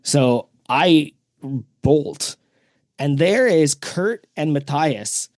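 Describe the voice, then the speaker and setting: This podcast host, a man whose voice sits on the high side, draws out his words as he tells a long, casual story. He performs the quoted people with animated flair, and no room sound comes through.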